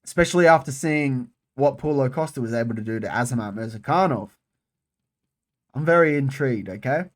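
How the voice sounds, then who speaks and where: Excitable swearing man. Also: medium pitch, a little fast. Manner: animated, frequent swearing, repeats phrases. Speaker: MMA channel host. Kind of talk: casual solo commentary.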